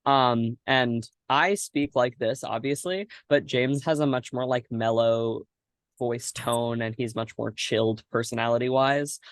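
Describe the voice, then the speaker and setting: A man's voice: medium pitch, fairly even intonation, unhurried, no room sound. A young man hosting a casual podcast chat, giggly and rambling with lots of fillers. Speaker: podcast host.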